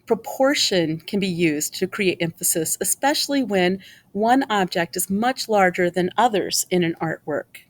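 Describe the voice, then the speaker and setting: A woman teaching an art lesson in scripted narration, explaining clearly and asking viewers questions. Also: mid-range voice, expressive, unhurried.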